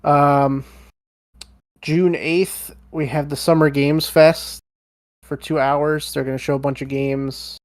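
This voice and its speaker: A man's voice: fairly high pitch, little pitch movement, slow. A man co-hosting a casual podcast, running through news in an easygoing, informal way. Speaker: podcast co-host.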